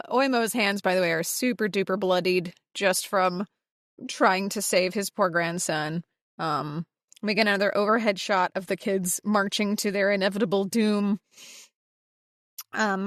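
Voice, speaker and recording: A woman guest voice actress on a podcast casually recaps a comic chapter and reads character lines using small acted voices. Her mid-range voice is unhurried and fairly bright, recorded in clean studio sound with no room sound.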